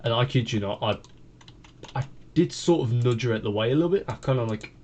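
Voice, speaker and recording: A man's voice: mid-range voice, lively intonation, a little fast, darkish tone. A British man casually telling a rambling story, full of fillers and restarts. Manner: rambling, full of fillers and repeated "I kid you not". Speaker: gaming vlogger.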